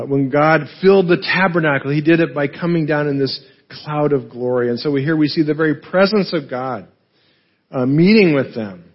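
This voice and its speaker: A man's voice: on the high side, muffled recording. A man preaching a teaching sermon, explaining as he goes with frequent "right?" and filler words. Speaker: pastor.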